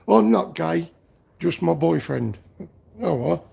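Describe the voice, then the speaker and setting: A man's voice: a little high, animated, slow, vocal fry, dark tone, slightly rough. A man from Liverpool hosting a livestream from a garage workshop, joking with the chat and breaking into bits of songs. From Liverpool, England. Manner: jokey, breaks into snatches of song. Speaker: livestream host reading chat.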